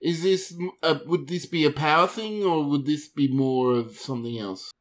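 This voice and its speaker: A man's voice: on the high side, moderate pace. Hesitant male tabletop player. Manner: hesitant and thinking aloud. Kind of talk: tabletop role-play.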